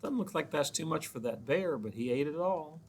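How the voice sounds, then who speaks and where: A man's voice: on the high side, animated, normal speed, slight background noise. A man who is a children's librarian, reading a picture book aloud with chatty asides to the children.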